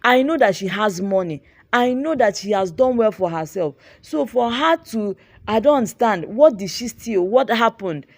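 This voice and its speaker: A woman's voice: medium pitch, animated, normal speed, hardly any pauses, no room sound. A young Nigerian woman, a fashion designer and vlogger, animatedly retelling a dramatic story with lots of repetition. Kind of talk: storytelling vlog.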